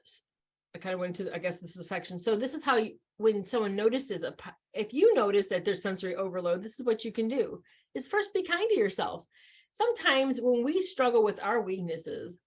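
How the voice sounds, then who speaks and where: A woman's voice: a little high, big pitch swings, moderate pace, slightly rough. A woman giving a training session in a conversational way, with many fillers and restarts.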